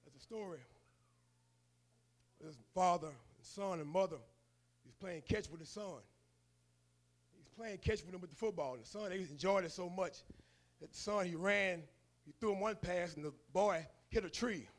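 A man's voice: high voice, normal speed, long pauses. A male preacher giving a sermon in a colloquial, storytelling manner.

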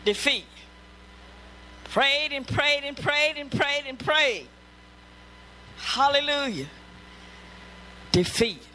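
Lady pastor preaching, high sharp voice, drawn-out slow delivery, lots of hallelujahs. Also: lively intonation, a little hiss or hum, low-quality recording. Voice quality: emphatic preaching with repeated praise calls. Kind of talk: sermon.

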